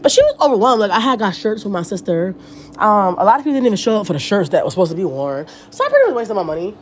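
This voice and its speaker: Woman, 30s, podcast host, casual profane rant, rambling, rapid, lively pitch. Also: slight background noise. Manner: animated, profane, rambling storytelling.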